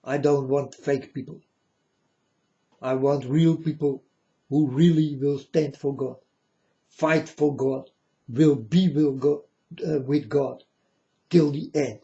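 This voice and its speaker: The host of his own channel, a man with a somewhat high voice, gives a blunt, scornful, preachy ranting monologue. He keeps a steady, dark tone, takes it slowly with long pauses, and uses vocal fry; the recording is dull and lo-fi.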